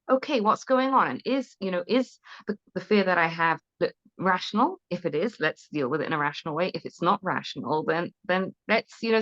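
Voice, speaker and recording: A woman talking through parenting advice as an interview guest, earnest and conversational. She keeps tagging her points with a questioning "right?" and often restarts mid-sentence. The audio is a little dull and lo-fi. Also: medium pitch.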